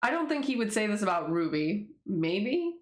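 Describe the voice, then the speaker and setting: A woman's voice: medium pitch, very animated, normal speed. A woman casually rambling through commentary on her own comic, swearing freely and laughing as she goes. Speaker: webtoon creator reading her own comic. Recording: echoey room.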